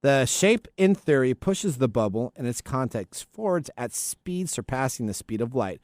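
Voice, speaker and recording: A man's voice: mid-range voice, very animated, normal speed, a little mellow, dry recording, clean studio sound. A man hosting a tech podcast in casual chat, rambling and often stumbling over names. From US Pacific Northwest. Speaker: podcast host.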